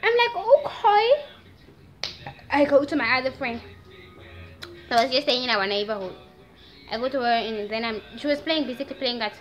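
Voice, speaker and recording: A nineteen-year-old woman from Namibia with a Namibian accent, telling a story in a casual, animated vlog and slipping into Afrikaans slang. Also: on the high side, brisk, long pauses. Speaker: vlogger. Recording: dull lo-fi sound with faint music.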